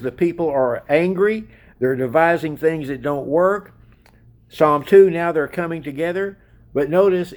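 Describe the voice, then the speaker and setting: A man's voice: on the high side, a little mellow. A man preaching a sermon in an emphatic way, asking his listeners direct questions.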